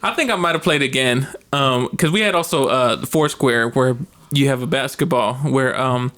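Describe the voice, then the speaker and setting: Animated young man telling stories. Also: medium pitch, moderate pace. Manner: animated, acts out voices in stories, laughs a lot. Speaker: podcast co-host. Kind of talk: casual storytelling chat.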